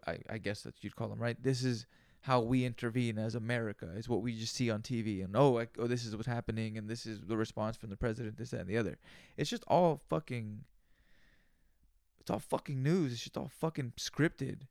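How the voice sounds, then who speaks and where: Gravelly-voiced man ranting on a podcast. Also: mid-range voice, darkish tone, no echo, clean studio sound. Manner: profane, rambling, conversational. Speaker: podcast host. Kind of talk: solo podcast rant.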